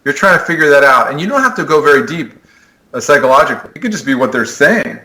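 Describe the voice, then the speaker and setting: A man's voice: fairly high pitch, very animated, fast talker, bright, forceful tone, low-quality recording. A man, a sport psychologist, earnestly explaining ideas in a podcast interview, often restarting his sentences. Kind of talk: conversational explanation.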